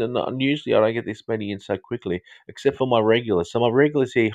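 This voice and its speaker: A middle-aged male counsellor from northern England, whose accent blends Australian and southern English, hosts a live podcast for listeners. He speaks fast in a dark baritone with no echo, rambling in a friendly way with plenty of ums and restarts.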